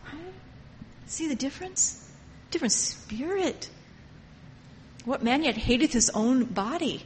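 A woman preaching a sermon with passion, swinging from hushed tones to loud cries. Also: sits high, animated, slow pace. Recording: long hall reverb, faint noise.

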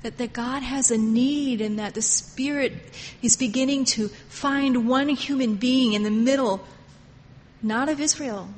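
A woman preaching a sermon with passion, swinging from hushed tones to loud cries. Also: on the high side, measured pace. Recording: long hall reverb, faint noise.

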